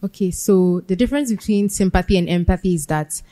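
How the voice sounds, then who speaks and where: Woman student, quick talker, mellow low voice, explanatory. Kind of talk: answering in class.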